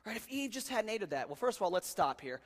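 A man's voice: high voice, big pitch swings, fast, long reverb tail. A man preaching a sermon in a casual, joking way, calling his listeners guys and dude. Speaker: pastor.

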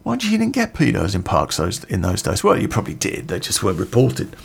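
A man's voice: fairly low pitch, huge pitch swings, fairly quick, vocal fry, breathy edge. A middle-aged man telling a personal story in a casual, rambling way, swearing freely.

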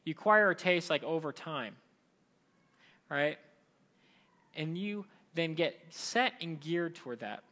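A man preaching a sermon in a conversational, lively way, often slipping into mimicked voices. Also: a little high, takes it slowly, pauses often.

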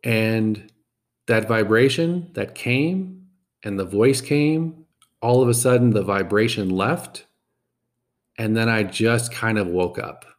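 A man hosting a podcast, telling a personal story in a reflective, halting way and often repeating words. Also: on the low side.

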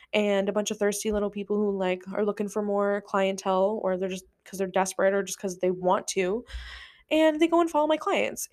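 A woman hosting a casual podcast as a lash tech, ranting her opinions emphatically with many fillers and restarts. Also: mid-range voice.

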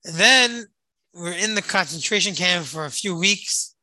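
Storyteller: very bright, sharp tone, dramatic delivery with repeated phrases, close and dry. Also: mid-range voice, lively intonation, measured pace, no room sound, low-quality recording. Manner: dramatic, repeats phrases for emphasis, rises and hushes. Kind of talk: emotional retold story.

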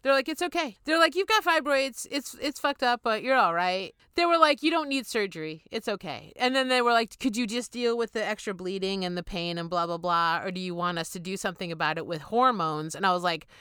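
A woman in her thirties co-hosting a casual podcast, blunt and profane, laughing through her stories. Her voice is bright and smooth. The sound is dry and close. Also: medium pitch, animated, a little fast, hardly any pauses, dry recording. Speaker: podcast co-host. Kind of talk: casual chat.

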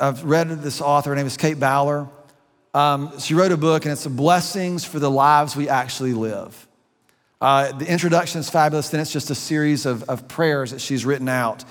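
A middle-aged man preaching a sermon as a pastor, earnest and conversational, slowing down and speeding up for emphasis. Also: fairly high pitch, long reverb tail. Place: church sanctuary.

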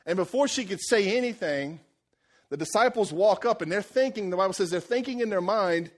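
A male pastor preaching a sermon, retelling a Bible story in lively, casual modern language. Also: sits high, brisk.

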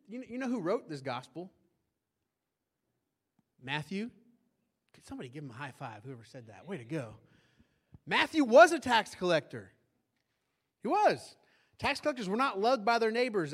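A male pastor preaching a sermon in a church, animated and often asking the congregation questions. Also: sits high. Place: church sanctuary.

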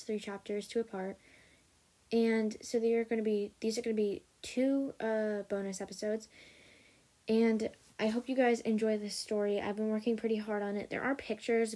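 This podcast host reads their own story in a plain, middle-pitched voice. The tone stays casual and unpolished, with small slips and quick corrections along the way. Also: darkish tone. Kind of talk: reading own fan fiction aloud.

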